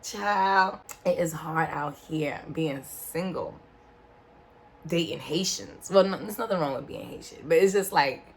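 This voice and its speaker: A woman telling a story in a casual, animated way, with slangy asides and sudden exclamations. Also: deep voice, measured pace, a little hiss or hum. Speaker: vlogger. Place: indoor room in front of a backdrop.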